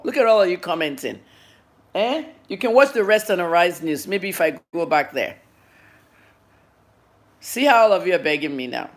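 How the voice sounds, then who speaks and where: A woman's voice: on the low side, expressive, normal speed, pauses often. A journalist in her fifties giving a livestreamed news update, blunt and scolding her viewers while she eats and talks. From Nigeria. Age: 50s.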